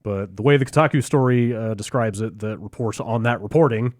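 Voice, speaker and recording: A man's voice: lowish voice, fairly quick, darkish tone, dry recording, studio quality. A man hosting a casual podcast chat, explaining a news story with many hesitations and uhs. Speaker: podcast host.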